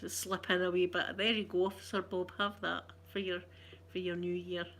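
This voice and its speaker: A woman's voice: lowish voice, little pitch movement, moderate pace, a bit bright. A woman with a Scottish accent chatting casually with her livestream viewers in a rambling, self-teasing way. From Scotland. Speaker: ASMR streamer chatting with viewers.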